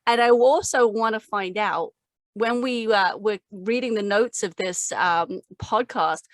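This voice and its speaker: An English woman co-hosting a fitness podcast, upbeat and quick to laugh. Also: mid-range voice, no echo. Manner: upbeat, laughs often, lively talk. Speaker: podcast co-host.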